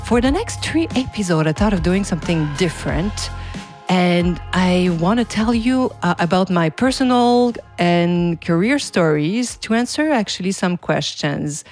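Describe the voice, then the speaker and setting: A woman's voice: fairly low pitch, expressive, a little slow, a little mellow, soft background music. A middle-aged woman with a French Canadian accent, a native French speaker, hosting a podcast in a chatty, casual way with frequent small laughs. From Quebec, Canada. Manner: chatty, laughs often, self-correcting. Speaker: podcast host.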